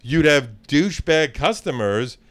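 A man's voice: a little high, expressive, unhurried. A man who is a podcast guest in casual chat, telling loose stories about his old job as a club DJ and swearing freely.

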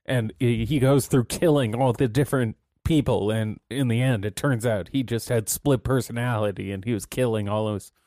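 A man's voice: mid-range voice, normal speed, hardly any pauses, mellow, dry recording, studio quality. A man co-hosting a casual podcast, cracking crude jokes and laughing often. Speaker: podcast co-host. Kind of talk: casual chat.

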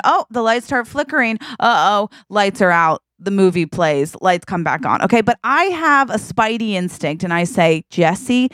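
A young adult woman co-hosting a podcast, telling a story in an animated, dramatic way and tagging lines with "okay?". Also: mid-range voice, dry recording, clean studio sound. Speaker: podcast co-host. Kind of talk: casual storytelling chat.

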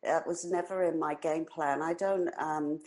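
An animated British woman in her sixties. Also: low voice, a little slow, rough recording. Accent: British, with some American twang. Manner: animated and expressive, laughs while telling stories. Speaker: guest, hairdressing educator. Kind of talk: conversational storytelling.

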